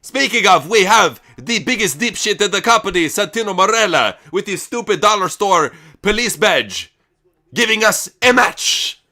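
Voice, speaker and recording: Bright, lively, crude male co-host. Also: high-pitched, normal speed. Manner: crude, mocking, profane. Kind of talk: casual chat, live reaction.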